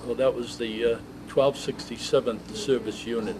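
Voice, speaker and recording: A man's voice: medium pitch, fairly even intonation, darkish tone, low-quality recording. Elderly man reminiscing over a hiss. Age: 80s. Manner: reminiscing, halting storytelling. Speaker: veteran interviewee. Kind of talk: oral history interview.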